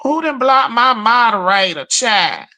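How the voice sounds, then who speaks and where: A woman runs her livestream in a bright, high, sharp voice. She swings her pitch widely as she tells stories, swears freely and shouts out to viewers by name. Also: measured pace. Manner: profane, animated storytelling with chat shout-outs. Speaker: livestream host. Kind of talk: casual livestream chat.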